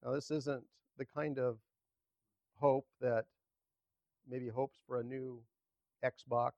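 An older man preaching a sermon as pastor, halting and repeating words as he speaks. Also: medium pitch, flat delivery, a little mellow, dry recording, muffled recording. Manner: halting, repeats words, leads congregation in a hymn.

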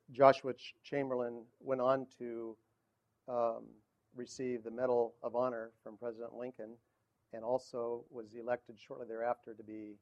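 A male pastor preaching a sermon in a halting way, searching for his words with many fillers. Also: medium pitch, dull audio.

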